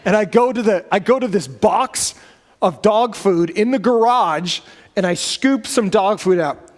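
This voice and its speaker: A male pastor preaches in a relaxed, storytelling manner. He corrects himself and wanders into asides. His fairly high voice carries a long reverb through a church sanctuary. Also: unhurried, a little hiss or hum. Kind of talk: sermon.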